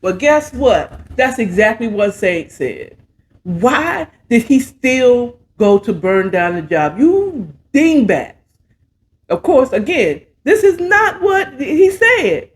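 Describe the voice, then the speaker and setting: A woman's voice: on the high side, sing-song, slow. A woman hosting a casual bedtime story recap, chatting in a laid-back, slangy way while mixing and sipping a cocktail. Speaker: host and storyteller.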